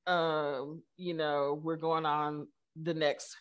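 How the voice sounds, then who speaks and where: A woman's voice: sits low, takes it slowly, clean tone, dull audio. A middle-aged woman, a tech company co-founder, talking as a guest in a casual interview, telling stories with lots of fillers and acting out the quotes. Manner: animated storyteller, many fillers, acts out quotes.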